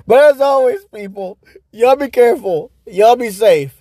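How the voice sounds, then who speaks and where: A man's voice: very high voice, expressive, a little slow, mellow, dry recording. A man in his thirties telling a long, rambling, profane story to his viewers, laughing now and then. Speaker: vlogger.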